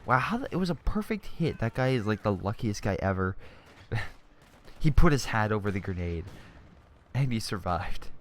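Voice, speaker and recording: A man's voice: lowish voice, very animated, moderate pace, a little hiss or hum. A young man giving casual commentary over a strategy game replay, chatty and exclamatory, often restarting his sentences.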